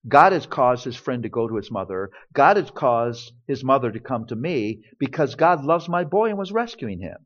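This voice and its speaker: A man's voice: medium pitch, very animated, moderate pace, few pauses. A man speaking as a pastor, telling a family story in earnest sermon style and acting out the quoted dialogue. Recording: dull lo-fi recording.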